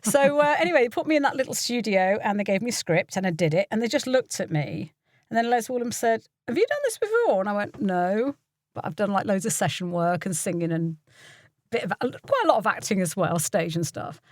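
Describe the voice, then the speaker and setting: A woman's voice: medium pitch, fairly quick, no room sound. An older woman from the UK, a voiceover artist and coach, telling stories casually in an interview. She acts out the people she quotes and laughs often.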